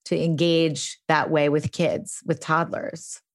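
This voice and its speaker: Woman host, deep voice, dry close sound, thoughtful and affirming. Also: little pitch movement, slow pace, dry recording. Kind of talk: casual podcast chat.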